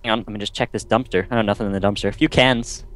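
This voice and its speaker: A man casually commentating a co-op video game with a friend, full of quick excited exclamations. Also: on the low side. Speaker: gameplay commentator.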